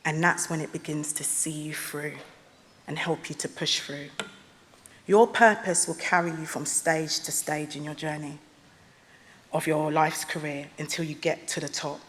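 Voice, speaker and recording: A woman giving an earnest, emphatic motivational speech at a graduation ceremony, stressing some phrases slowly. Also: low voice, a little hiss or hum. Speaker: honorary degree recipient giving a speech. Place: large ceremony hall. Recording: long hall reverb.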